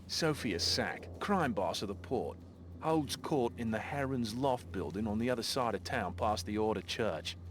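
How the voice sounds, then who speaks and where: An actor playing a brash, boastful pilot and smuggler with an Australian accent, slangy and wheedling. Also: male voice, lowish voice, expressive, unhurried, noisy background. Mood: scheming.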